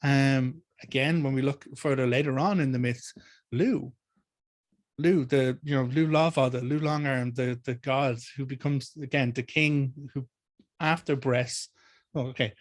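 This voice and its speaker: Animated Irish man, dry sound. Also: medium pitch, unhurried, no echo. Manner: animated and discursive, with many restarts. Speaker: teacher of Irish mythology. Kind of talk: community Q&A talk.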